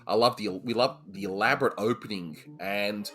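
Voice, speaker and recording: Chatty Australian man, low voice. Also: fairly even intonation, moderate pace, fairly bright tone. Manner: chatty, laughs often, many fillers and restarts. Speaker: podcast co-host reviewing cartoons. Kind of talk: casual chat.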